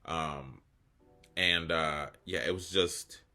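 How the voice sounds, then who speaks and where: A man in his thirties talks slowly through a casual video essay, his extremely deep voice carrying a bright, forward edge and a fairly even intonation. He rambles into joking side tracks and pokes fun at himself while faint music plays beneath.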